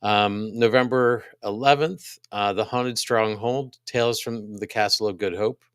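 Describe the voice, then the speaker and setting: Man, podcast co-host, clear resonant voice, halting delivery, casual schedule rundown. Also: lowish voice, steady tone, no echo, clean studio sound. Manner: halting, many ums and restarts. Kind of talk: casual chat, reading upcoming schedule.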